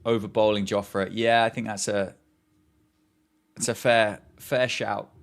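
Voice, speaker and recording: A man's voice: on the low side, level tone, unhurried, smooth. Chatty man on a cricket watchalong. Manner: chatty, joking, reacts to play and viewer comments. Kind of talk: casual live commentary chat.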